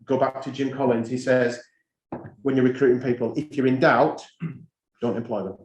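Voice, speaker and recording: A man's voice: mid-range voice, steady tone, moderate pace, a little mellow. Middle-aged man giving an anecdotal talk, roomy hall. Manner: anecdotal, conversational, repeats key phrases for emphasis. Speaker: school head giving an address. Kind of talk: conference talk to fellow heads. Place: school hall or conference room.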